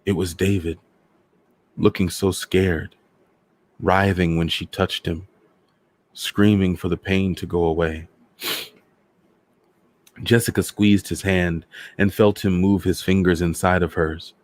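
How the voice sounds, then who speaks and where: A man hosting a storytime show, reading a novel aloud in a measured, dramatic way. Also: low voice, fairly even intonation. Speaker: storyteller host.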